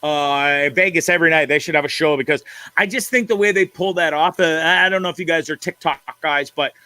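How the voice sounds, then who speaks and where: A man's voice: fairly high pitch, a little fast, sharp tone, no echo. A man hosting a live online show, casually commenting on viral videos in a profane, laughing, rambling way at a computer mic.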